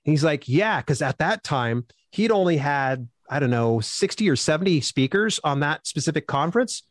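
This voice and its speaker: A man answering interview questions as a self-publishing expert, upbeat and animated, acting out quotes as he tells stories. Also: on the high side, normal speed, dry recording, clean studio sound.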